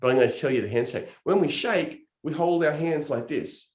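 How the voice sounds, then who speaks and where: A man's voice: fairly high pitch, animated, a little fast, roomy sound. A man giving an earnest, emotional motivational talk on sales and recruiting, gesturing with his hands as he explains. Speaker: network marketing trainer.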